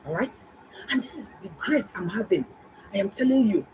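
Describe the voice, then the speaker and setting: Animated woman telling a story. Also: mid-range voice, moderate pace, slight background noise, poor audio. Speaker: doctor and health vlogger. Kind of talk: casual storytelling to viewers.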